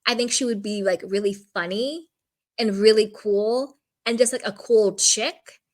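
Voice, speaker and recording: A woman's voice: medium pitch, a little slow. A woman commenting on a reality show in casual, candid speech, peppered with "like" and frank opinions. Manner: candid, opinionated, lots of "like" fillers.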